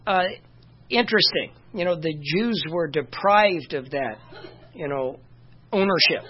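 A Bible teacher giving an informal, conversational lesson, full of "you know" fillers and pausing to check verse numbers. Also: mid-range voice, expressive, slightly rough. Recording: dull lo-fi recording.

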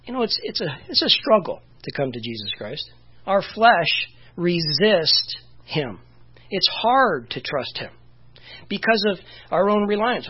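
A man's voice: high voice, very animated, unhurried, husky, lo-fi sound. A man preaching a sermon in a conversational way, often saying "you know" and restarting his phrases. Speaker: pastor.

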